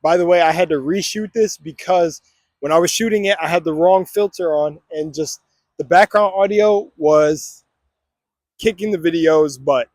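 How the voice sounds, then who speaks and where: A young man, pitched a little high, talks energetically into his phone about affirmations and belief. His voice has a mellow, dark warmth, and the sound is close and dry. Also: moderate pace, no room sound. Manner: energetic, preachy, chanting affirmations. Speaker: vlogger. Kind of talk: casual motivational vlog with affirmations. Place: outdoors on a walk. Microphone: phone camera.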